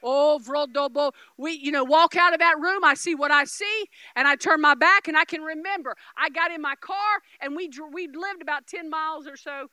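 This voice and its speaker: A middle-aged woman preaching a Pentecostal sermon as a guest speaker, emphatic, repeating words and swinging between loud shouts and quiet asides. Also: high voice, a little fast, few pauses, no room sound. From Oklahoma, US.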